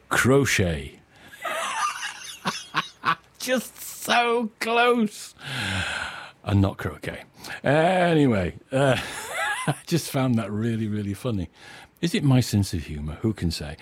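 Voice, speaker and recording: A man's voice: mid-range voice, slight background noise. A man in his sixties presenting a casual radio show, rambling and chuckling at his own material. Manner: rambling, self-amused, chuckling often.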